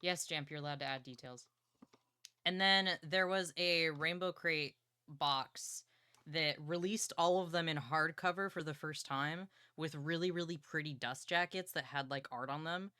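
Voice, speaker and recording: A young woman livestreaming from her partner's home setup, chatting excitedly and playfully about books and swearing casually. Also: low-pitched, measured pace, smooth, dry recording, clean studio sound.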